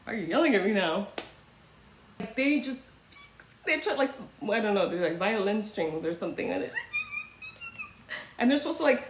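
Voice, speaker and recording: A woman hosts a casual commentary livestream, chatting loosely and sarcastically and occasionally slipping into mocking put-on voices. Her voice is medium-pitched with lively intonation and a slightly fast pace. The room is echoey, with faint ambient noise.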